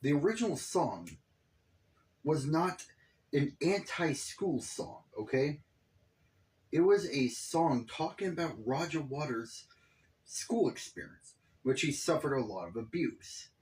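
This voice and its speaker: A man's voice: fairly high pitch, expressive, takes it slowly, a little mellow. A man giving casual, profane reaction commentary on a video, exasperated and rambling.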